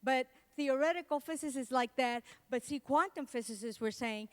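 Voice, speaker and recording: A middle-aged woman from Latin America giving a comedic keynote talk, telling animated stories and acting out the people she quotes. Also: high voice, normal speed, hardly any pauses, smooth. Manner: animated storytelling, acts out quotes. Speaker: keynote speaker.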